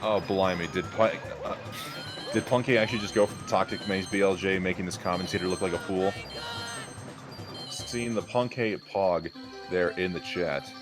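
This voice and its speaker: A man giving energetic, joking live play-by-play commentary on a speedrun race. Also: sits low, moderate pace. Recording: music playing behind.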